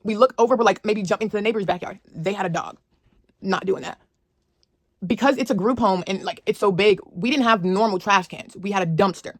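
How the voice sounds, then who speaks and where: A woman's voice: medium pitch, brisk, no room sound. Young woman telling a story time. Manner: animated, slangy, talks straight to viewers. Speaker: storyteller vlogger.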